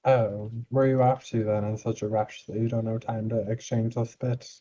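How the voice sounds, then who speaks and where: A man's voice: on the low side, flat delivery, moderate pace, dark tone, dull audio, close to an everyday voice. A man voicing a smug, teasing old acquaintance in a tabletop game, talking in a mocking way.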